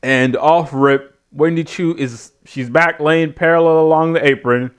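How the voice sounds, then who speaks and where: A man's voice: on the high side, steady tone, a little slow, smooth. A man with a slightly raised voice rants in a casual way as he hosts a review show. He rambles, drops curses freely and keeps a dry, mocking edge the whole time. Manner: swears freely, rambling and sardonic. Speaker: show host reviewing wrestling. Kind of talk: casual profane rant.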